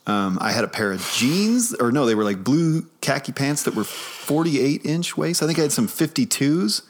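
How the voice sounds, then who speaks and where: A man's voice: medium pitch, animated, normal speed. A man in his forties with a mid-range voice co-hosts a podcast. He tells long, rambling stories at an easy pace, full of fillers. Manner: rambling, easygoing storytelling with fillers. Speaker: podcast co-host. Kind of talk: casual chat.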